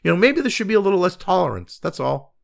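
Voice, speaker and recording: A man's voice: high-pitched, very animated, quick pace, creaky. A middle-aged man hosting a commentary show, ranting angrily and sarcastically, swearing constantly as he reacts to the news. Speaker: commentary host. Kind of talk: profane rant reacting to news.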